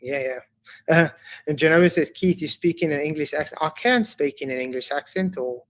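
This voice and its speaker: A South African man whose first language is Afrikaans, a guest in a casual interview, speaking haltingly with many restarts and fillers. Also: on the high side.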